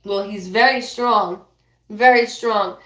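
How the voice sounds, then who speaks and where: A woman doing a live psychic reading who rambles, apologizes often and passes on messages in quick bursts. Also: mid-range voice, a bit bright, echoey room. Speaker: psychic medium.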